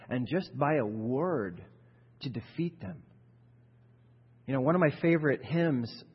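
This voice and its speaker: A man's voice: mid-range voice, husky, in a large hall, muffled recording. A male pastor giving a sermon in a conversational style that builds to emphatic peaks.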